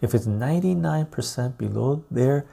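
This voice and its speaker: A man hosts a casual live stream, thinking aloud as he pulls up stock charts. His voice is heavily gravelly and dark, with a husky edge. He mutters while he searches and keeps checking in with his viewers. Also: medium pitch, expressive, normal speed.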